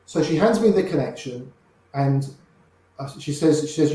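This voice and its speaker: An older man, an interview guest, telling lively anecdotes and acting out the voices of the people in them. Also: a little high, normal speed, very echoey, low-quality recording. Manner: lively raconteur, acts out quoted voices. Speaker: interview guest, poker player. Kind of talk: anecdotal storytelling.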